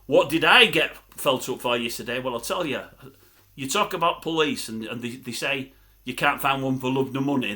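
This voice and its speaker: A man's voice: mid-range voice, pushed and bright. An older man, rambling to camera as a vlogger in a grumbling, chatty storytelling style.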